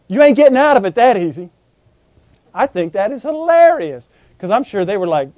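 A man's voice: very high voice, animated, a little fast, no room sound, highs cut off. A man preaching a sermon in a joking, folksy way, with slang, who often asks the congregation questions.

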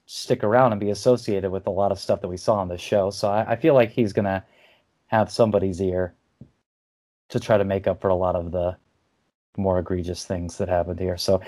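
A man's voice: lowish voice, mellow. A man co-hosting a wrestling podcast, chatting casually, agreeing with his partner and wrapping up segments. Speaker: podcast co-host. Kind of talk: casual chat.

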